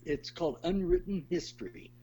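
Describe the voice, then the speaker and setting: An older man, a guest in a conversational interview, telling stories in an animated way and laughing as he goes. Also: a little high, normal speed, husky. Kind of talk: conversational storytelling.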